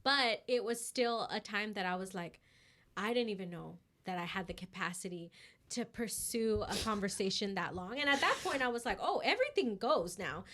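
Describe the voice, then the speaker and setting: A woman's voice: mid-range voice, expressive, normal speed, fairly bright tone. A woman co-hosting a podcast, telling a story in casual chat, full of "like" and "you know", acting out what each person said. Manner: filler-heavy, acts out quoted voices. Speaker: podcast co-host.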